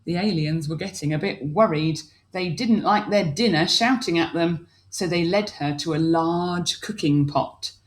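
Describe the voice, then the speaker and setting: A woman's voice: lowish voice, unhurried, hardly any pauses. A woman teacher reading a picture book aloud to young children, asking them questions as she goes.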